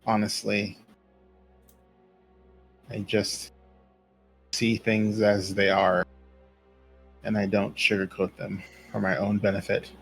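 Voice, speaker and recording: A man voicing a blunt, stubborn young Jedi apprentice in a slow, measured way. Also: on the low side, level tone, creaky, a bit bright, breathy edge, faint music behind, heavily acted, low-quality recording.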